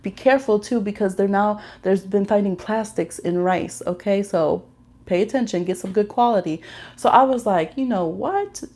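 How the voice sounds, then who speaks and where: This tarot reader speaks at a normal speed on a relaxed livestream. Gentle and nurturing as she lays out the cards, she becomes lively and talkative during her stories, with frequent laughter and the occasional high-pitched squeal.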